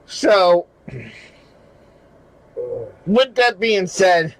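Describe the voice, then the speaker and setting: A man's voice: high voice, drawn-out words, poor audio. A man chatting casually on a livestream, swearing, laughing and circling back to the same point again and again. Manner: rambling, repeats his point over and over; profane, laughs between phrases. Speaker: regular show panelist.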